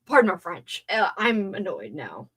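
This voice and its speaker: A woman's voice: medium pitch, sing-song, normal speed, a bit bright, husky. A young woman hosting a casual livestream, chatting to herself as she crafts and sometimes swearing under her breath. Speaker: livestream host.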